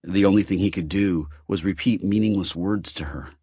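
A man's voice: deep voice, moderate pace, hardly any pauses, dark tone, husky, no echo, clean studio sound. A man narrating a novel as an audiobook, reading expressively.

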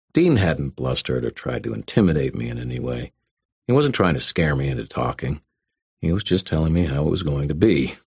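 A man's voice: extremely low pitch, slightly rough, no echo. A man reading a first-person story aloud with dry, wry delivery. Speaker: audiobook narrator. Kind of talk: first-person audiobook narration.

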